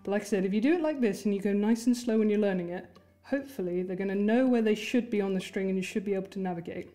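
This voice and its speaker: Here the same kind of lesson continues: a woman teaching an instrument chants rhythm words and counts along as she plays, warm and encouraging. Her mid-range voice moves at a quick pace, and music can be heard under it.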